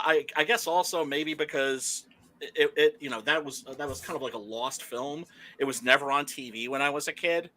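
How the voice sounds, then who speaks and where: A man chatting casually about movies, swearing freely, laughing often and filling his talk with "uh" and "like". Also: medium pitch. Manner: animated, profane, laughing storyteller with many fillers. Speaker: podcast host.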